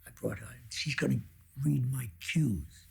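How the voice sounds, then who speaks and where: An older man telling an audition story in a soft, hushed way, dropping almost to a whisper. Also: medium pitch, measured pace, gravelly, breathy edge.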